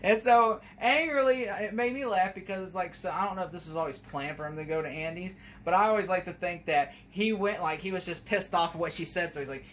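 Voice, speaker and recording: Excitable young man rambling about a movie. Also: high voice, brisk, few pauses. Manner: rambling, excitable, laughs often, acts out lines. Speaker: movie reviewer. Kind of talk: casual movie review vlog.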